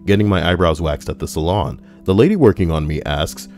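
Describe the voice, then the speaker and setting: A man's voice: very deep voice, fairly quick, few pauses, darkish tone, soft background music. A man streaming casual commentary while reading online posts, rambling with crude, sarcastic asides.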